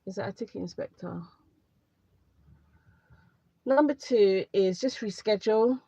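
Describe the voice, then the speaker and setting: A woman's voice: mid-range voice, measured pace, dark tone, slightly rough, dry recording. A woman chatting candidly on a livestream, rambling a little and repeating herself as she gives advice. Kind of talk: casual live chat to viewers. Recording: dry, slightly dull lo-fi sound.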